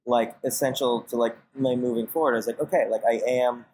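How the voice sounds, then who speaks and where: A man's voice: medium pitch, steady tone, brisk, a little mellow, poor audio. A man with a mid-range voice chats loosely as a podcast guest. He rambles and restarts, stacks up fillers, and acts out his own reactions with some animation. Faint noise sits under the recording. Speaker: podcast guest, casting director and manager. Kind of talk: casual conversational interview.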